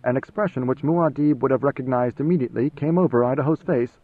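A man reading a novel as audiobook narrator, in measured, even storytelling. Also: mid-range voice, slightly rough, no room sound. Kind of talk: scripted narration. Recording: tinny phone-like band, dry.

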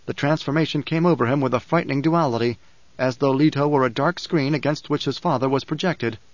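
In a dry, slightly dull studio recording free of echo, a man reads an audiobook script. His mid-range voice keeps a measured, even storytelling pace.

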